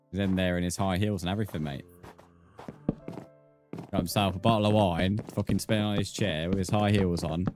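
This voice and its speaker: A man chatting casually on a game live stream, bantering with viewers, swearing, and counting blocks aloud. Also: deep voice. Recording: background music under voice.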